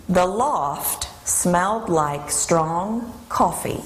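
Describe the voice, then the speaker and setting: A woman working as a dialect coach, leading a pronunciation drill deliberately and saying each word twice. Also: fairly low pitch, lively intonation, a little hiss or hum. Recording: roomy web video clip.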